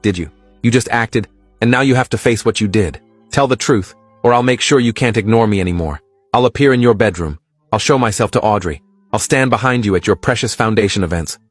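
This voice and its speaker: A man voicing the ghost of a drowned girl, speaking low, quiet and reproachfully in a read horror story. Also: a little fast, dry recording, soft background music, close to an everyday voice. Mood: accusing.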